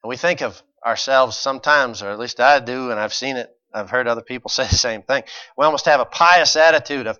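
A man preaching a sermon, moving between quiet, conversational asides and loud, emphatic points with mock voices. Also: medium pitch, fairly quick, hardly any pauses, dry recording, highs cut off.

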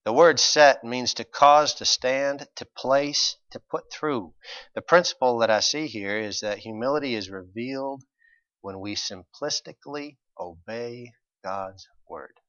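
A man preaching a sermon, moving between quiet, conversational asides and loud, emphatic points with mock voices. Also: medium pitch, a little slow, no room sound, dull audio.

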